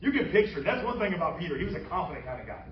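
A man preaching a sermon as pastor, animated and humorous as he retells a story. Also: fairly high pitch, very fast, slight background noise. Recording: roomy, distant, dull sound.

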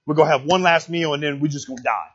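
A preacher putting on a weary, resigned poor widow. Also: male voice, a little high, fast talker, slightly rough, highs cut off, voice pushed down. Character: poor desperate widow woman gathering sticks.

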